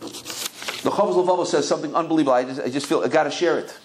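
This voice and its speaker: A man's voice: fairly high pitch, quick pace, slight background noise. A male rabbi giving a Torah lecture, telling anecdotes and often restarting his words. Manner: storytelling with many anecdotes; frequent repeated restarts.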